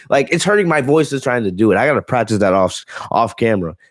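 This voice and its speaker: A man's voice: medium pitch, expressive, fast, no echo, studio quality. A man hosting a casual live stream on wrestling, blunt and profane, ranting and reading viewer comments aloud. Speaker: wrestling show host.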